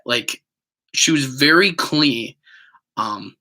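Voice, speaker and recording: A man with a bright, forceful voice tells a personal story to the camera in loose, casual talk. He rambles along with plenty of ums and likes, and slips into acting out what other people said. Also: mid-range voice, a little slow. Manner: rambling, many fillers, acts out quotes. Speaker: vlogger.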